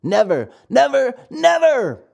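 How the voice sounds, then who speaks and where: A boastful, coaxing runaway boy , as a storybook narrator plays him, pushing his point with insistence. His pitch moves in a lively way, up and down. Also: slow pace, vocal fry, highs cut off, full character voice.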